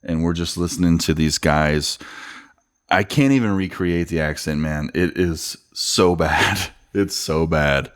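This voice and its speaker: A man's voice: low voice, unhurried. A man co-hosting a podcast in casual chat over drinks, laid-back, swearing freely and laughing through his stories. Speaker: podcast co-host.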